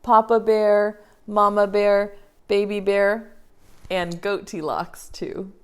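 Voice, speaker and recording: A young woman, a preschool teacher, reading a story and talking gently to young children in a sing-song way. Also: medium pitch, level tone, slow pace, smooth.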